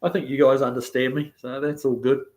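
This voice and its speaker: A man's voice: mid-range voice, level tone, a little fast, a little mellow. A man with a New Zealand accent hosting a casual livestream, reading viewer comments aloud in a rambling, easygoing way with plenty of ums and uhs. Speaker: livestream host. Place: living in the United States.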